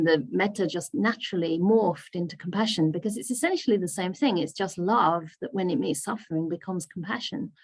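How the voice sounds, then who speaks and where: A Buddhist nun leading a discussion group over a video call, answering questions in a thoughtful, laughing way. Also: female voice, lowish voice. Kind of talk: casual teaching discussion.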